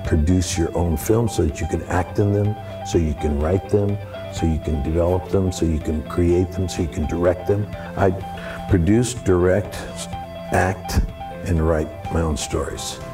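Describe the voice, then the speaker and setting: A man's voice: low voice, normal speed, music in the background. A man speaking to a room of students as a guest actor, talking candidly and earnestly about his work. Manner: earnest, mixes in laughs and acted-out quotes. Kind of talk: candid talk to an audience. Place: room with a live audience.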